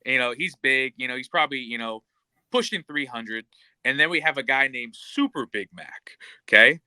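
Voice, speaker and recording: A man's voice: mid-range voice, normal speed, bright, forceful tone, no echo. A man hosting a podcast, chatting casually in a laid-back, joking way with plenty of "um" and "you know". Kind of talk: casual chat.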